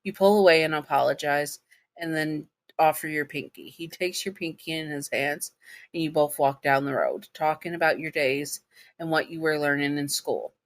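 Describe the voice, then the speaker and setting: Southern woman reading a fan story out loud, stops and restarts a lot. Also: sits low. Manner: halting, with restarts and fillers. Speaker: fan fiction narrator. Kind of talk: second-person story reading.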